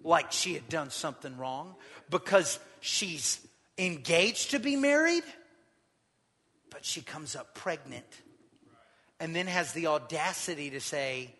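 A man preaching a sermon, retelling scripture with lively acted-out quotes. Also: a little high, slow pace, in a large hall. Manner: animated storytelling, acting out quotes. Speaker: pastor.

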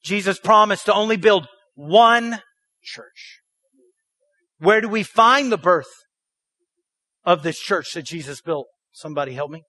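A man preaches with a high, ringing voice and a dry, close sound. He fires off rhetorical questions and has the congregation repeat his lines back to him. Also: lively intonation, unhurried, long pauses, pushed and bright, no room sound. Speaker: pastor. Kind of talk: sermon.

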